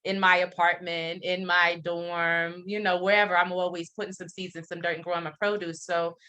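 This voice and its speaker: A middle-aged woman tells a personal story as a guest in a relaxed interview. Her voice has a clear, bright edge. She speaks openly and with animation, often stopping on small ums as she goes. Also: lowish voice, moderate pace. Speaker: interview guest, company founder. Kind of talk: personal storytelling in casual conversation.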